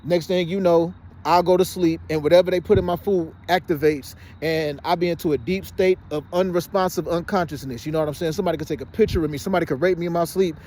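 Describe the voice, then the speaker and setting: Man, rapid insistent outdoor phone vlog, high-ish voice. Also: steady tone, darkish tone. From Detroit, Michigan. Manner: rapid and insistent, often says "you know what I'm saying". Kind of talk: casual monologue to camera. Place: outdoors by a fenced exercise area.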